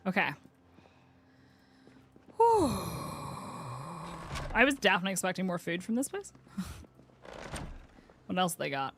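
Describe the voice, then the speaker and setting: A woman's voice: mid-range voice, wildly swooping pitch, a little slow, long pauses, a bit bright, slight background noise. A woman chatting through gameplay commentary as a streamer, talking to her game character and swearing casually.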